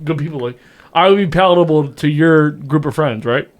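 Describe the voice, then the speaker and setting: A man's voice: fairly high pitch, brisk. A man guesting on a podcast, talking hesitantly with many "like"s in a self-deprecating way. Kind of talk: casual podcast banter.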